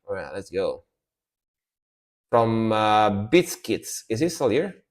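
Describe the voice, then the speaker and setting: A man chatting casually on a music reaction live stream, laid-back and rambling, often trailing off quietly. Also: fairly low pitch, very animated, slow, pauses often.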